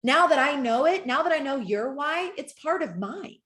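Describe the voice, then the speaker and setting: A woman's voice: high-pitched, expressive, normal speed, fairly bright tone. A middle-aged woman leading a motivational training talk for her network marketing team, earnest, emotional and encouraging. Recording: roomy echo.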